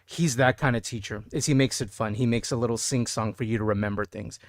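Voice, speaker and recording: A man's voice: medium pitch, fairly even intonation, quick pace, no room sound, studio quality. A young man from Texas in casual, rambling live-stream chat, reading out viewer messages as he plays. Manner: rambling, chatty, reads chat aloud. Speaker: game streamer.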